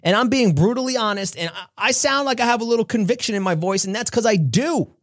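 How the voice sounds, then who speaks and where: A man's voice: high voice, fast talker, a bit bright, no echo, studio quality. A man from New York hosting a podcast, giving an earnest, preachy motivational talk and often laughing. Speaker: podcast host, motivational speaker.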